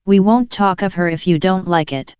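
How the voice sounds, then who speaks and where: A woman's voice: fairly low pitch, normal speed, a little mellow, clear, resonant tone, dry recording, lightly acted. A woman voicing a polite, chatty young girl in a storybook reading, rambling eagerly and apologizing. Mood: soothing. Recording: dull lo-fi dry recording.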